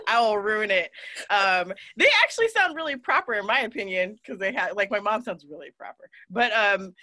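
A woman's voice: medium pitch, expressive, moderate pace, pushed and bright. A woman guest on a casual panel chat, telling stories animatedly and laughing often. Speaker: cosplayer guest.

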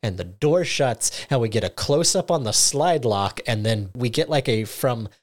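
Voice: medium pitch, moderate pace. A podcast host recapping a show episode in casual chat, acting out the characters' lines. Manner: animated storytelling, acting out lines.

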